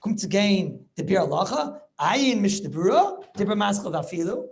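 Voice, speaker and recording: Rabbi guy teaching talmud on a video call, super expressive up and down voice, tosses in yiddish words, keeps asking the class questions. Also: high voice, normal speed, few pauses, soft background music. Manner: animated, mixes Yiddish and Hebrew terms, rhetorical questions. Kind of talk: lively Torah lesson over video call.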